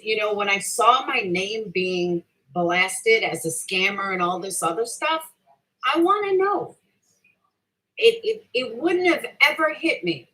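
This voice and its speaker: A woman's voice: fairly high pitch, fairly bright tone, low-quality recording. A middle-aged woman hosting a livestream, combatively ranting at her chat with heavy swearing, defending herself and repeating her point. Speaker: livestream host answering chat. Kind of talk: heated casual rant.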